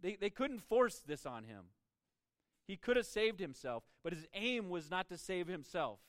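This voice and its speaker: A man's voice: high voice, big pitch swings, moderate pace, fairly bright tone, dry recording, studio quality. A man preaching a sermon as a pastor, emphatic and prone to stumbling over repeated words as he starts each point.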